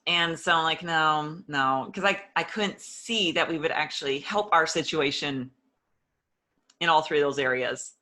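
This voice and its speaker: Woman with a sharp, bright voice. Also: deep voice, normal speed. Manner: earnest, openly emotional, re-enacts past conversations. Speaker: interview guest. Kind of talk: personal testimony in an interview.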